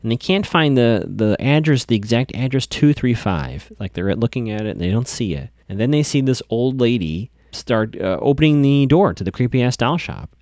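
A young man chats his way through a TV episode recap, amused and loose, full of "uh"s and "like"s. His pitch is middle of the road. The sound is dry and close. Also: lively intonation, moderate pace, few pauses, a little mellow, no echo. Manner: chatty, amused, many fillers. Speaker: podcast host recapping a TV episode. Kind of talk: casual recap.

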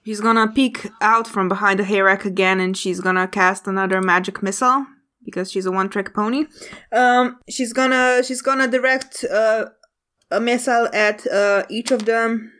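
Woman game master, halting casual narration of a tabletop game. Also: mid-range voice, fairly even intonation, sharp tone. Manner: hesitant, many fillers and restarts while narrating.

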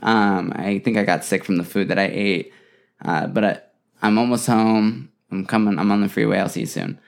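A man's voice: fairly low pitch, moderate pace, creaky. Young man telling a story casually. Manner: animated, acts out quotes, swears freely.

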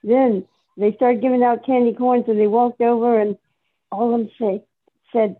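A woman's voice: on the high side, steady tone, moderate pace. A woman in a writing workshop reading her own short story aloud, with a cheerful storytelling manner. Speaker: workshop participant. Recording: tinny phone-like line.

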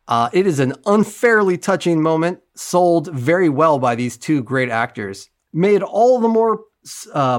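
A man co-hosting a podcast, recapping an episode in a casual, wry and sarcastic way, swearing now and then. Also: medium pitch. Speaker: podcast co-host.

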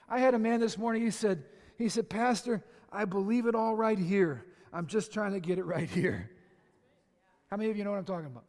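A male pastor preaching a sermon with passion, swinging from shouts to conversational asides with the congregation. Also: high-pitched. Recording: long hall reverb.

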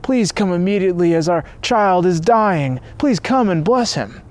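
Brief: man voicing a curt proud nobleman, pitched up, storybook read. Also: expressive, moderate pace. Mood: pleading.

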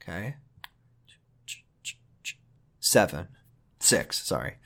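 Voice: sits low, very animated, very slow, creaky, a bit bright. A podcast co-host recapping a TV episode in casual chat, laughing often, swearing freely and breaking into voices for the characters.

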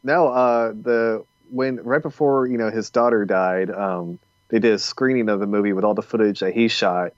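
Sarcastic low-voiced man on a lo-fi mic. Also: fairly even intonation, normal speed, dry recording. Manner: rambling and sarcastic, many fillers. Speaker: podcast co-host. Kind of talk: casual podcast chat. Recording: dull lo-fi dry mic.

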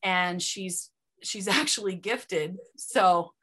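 Woman podcast host, casual chatter, crisp bright tone, rambling, laughs at herself. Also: mid-range voice, takes it slowly. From Utah. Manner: chatty, self-deprecating, rambling with fillers. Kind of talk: casual interview chat.

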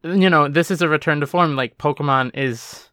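A man with a bright, crisp voice chats casually as a podcast co-host. He rambles, often trailing off and restarting mid-sentence. His voice sounds dry and close to the mic, with no room echo. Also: fairly high pitch, normal speed. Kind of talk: casual chat.

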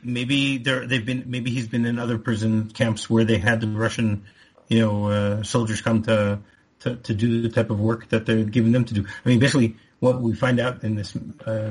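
A man with a husky, slightly breathy voice co-hosts a casual podcast. He rambles, restarting his sentences and laughing as he thinks aloud. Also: mid-range voice. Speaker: podcast co-host.

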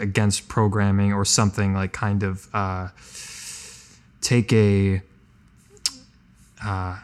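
Rambling man thinking aloud. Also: fairly low pitch. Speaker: tabletop player. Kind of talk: casual in-character musing.

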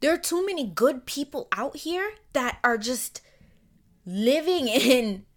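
A young woman holds forth alone on her podcast, blunt and fired up and unafraid to swear. Her voice sits a little high, and she swings from near-murmurs to loud outbursts. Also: lively intonation, slow pace. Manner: blunt, heated and profane, swinging between soft and loud. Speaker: podcast host. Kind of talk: emotional solo podcast monologue.

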